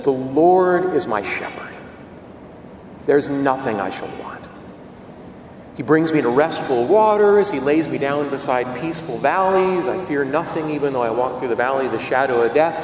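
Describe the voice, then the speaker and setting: Priest preaching in an echoey hall. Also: male voice, normal speed, slight background noise. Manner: storytelling, rising to high excited tones for quoted voices. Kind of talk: homily. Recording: roomy hall reverb, voice from a distance.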